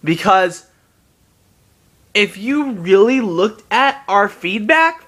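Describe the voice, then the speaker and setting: Angry high-pitched man ranting. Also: expressive, slow, long pauses, a bit bright. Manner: heated, profane, repeats and restarts himself. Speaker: gaming vlogger. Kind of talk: angry rant to camera.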